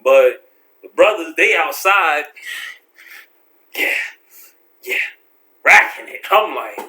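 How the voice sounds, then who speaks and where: A man telling a story from his life in a casual vlog, slangy and animated, acting out the people in it. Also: on the high side, takes it slowly. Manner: animated, slangy, acts out voices.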